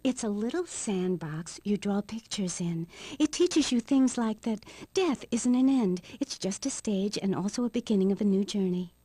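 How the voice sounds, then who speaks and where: An actress playing a rambling new-age woman who calls herself a white witch, on a game's radio talk show, drifting into hushed whispers. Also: mid-range voice, expressive, moderate pace, slightly rough, no room sound. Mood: dreamy. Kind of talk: video game radio comedy acting.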